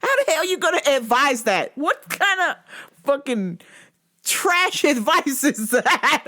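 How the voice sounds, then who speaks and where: Brash, profane woman ranting with lively pitch. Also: moderate pace. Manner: profane, animated storytelling with bursts of laughter; self-described masculine, brash. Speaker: podcast host. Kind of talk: casual rant.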